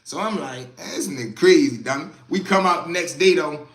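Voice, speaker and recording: A man telling a story on a live stream in a casual, profane, animated way, punctuating with sound effects. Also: on the high side, brisk, roomy sound.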